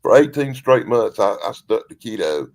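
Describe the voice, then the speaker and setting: A man's voice: on the low side, very animated, normal speed. A man in casual group video chat, talking in a rambling, folksy way with frequent restarts. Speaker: community chat participant.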